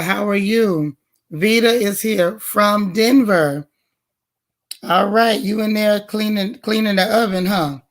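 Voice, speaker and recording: Hoarse middle-aged woman, livestream host, chatty, calls out viewers by name. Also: medium pitch. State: hoarse, strained voice. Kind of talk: casual livestream greetings to viewers.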